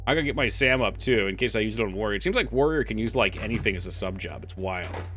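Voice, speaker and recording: A man's voice: fairly low pitch, fast talker, slight background noise. A man streaming a game live, chatting casually with his chat, swearing freely and now and then reading game text aloud. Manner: reads game files aloud in a flat voice.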